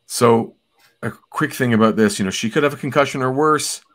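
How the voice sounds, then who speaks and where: A man in his forties co-hosting a casual comic book discussion, relaxed, chatty and enthusiastic. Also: mid-range voice, fairly quick. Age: 40s. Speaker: podcast co-host.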